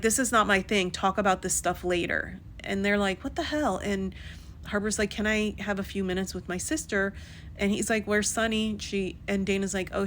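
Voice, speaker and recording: A woman talks through a soap opera episode in a loose, chatty way, full of ums and quick snarky asides. Her voice sits in a middle pitch. A faint hiss runs behind her. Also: fairly bright tone. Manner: chatty and snarky, many ums and "he's like" quotes. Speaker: soap opera recap vlogger. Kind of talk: casual episode recap.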